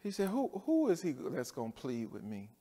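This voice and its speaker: A pastor preaching a sermon with a rhythmic cadence, dropping to near-quiet and rising to shouts. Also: male voice, medium pitch, huge pitch swings, moderate pace, in a large hall.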